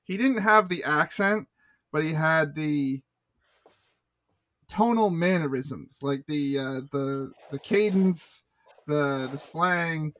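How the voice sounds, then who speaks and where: A man's voice: a little high, slow pace, fairly bright tone. A man in his thirties from Canada, co-hosting a podcast, telling rambling self-deprecating stories in casual chat. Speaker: podcast co-host.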